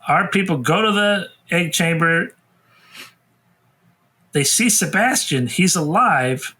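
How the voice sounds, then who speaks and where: Bright-voiced man giving a deadpan plot rundown. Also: sits high, slow pace, breathy edge. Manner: deadpan plot summary with wry asides. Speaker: podcast co-host. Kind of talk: casual comedic movie recap.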